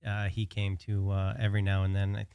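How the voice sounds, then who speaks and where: Male guest, low-ish voice, easygoing and self-mocking, hesitant, dry close mic. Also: completely flat delivery, a little fast, gravelly, darkish tone, clear, resonant tone, dry recording. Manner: laughs often, self-deprecating, hesitant. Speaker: guest bartender. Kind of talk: casual chat.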